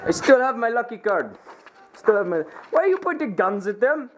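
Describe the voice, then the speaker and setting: A man's voice: extremely high pitch, very animated, moderate pace, heavy background noise. A man playing an airsoft hostage-taker, barking orders in a put-on mock accent and broken English. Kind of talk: playful role-play shouting.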